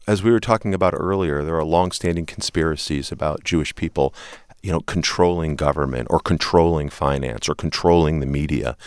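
A man answering questions in a broadcast interview as the leader of a civil rights group, speaking earnestly and in measured terms and often opening a point with "look.". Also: a bass voice, smooth, no room sound, studio quality.

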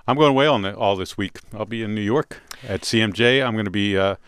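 A man's voice: lowish voice, quick pace, fairly bright tone, clean tone, no echo, clean studio sound. A man co-hosting a music radio show, chatting in a playful, bantering way. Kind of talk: casual radio chat. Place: radio studio.

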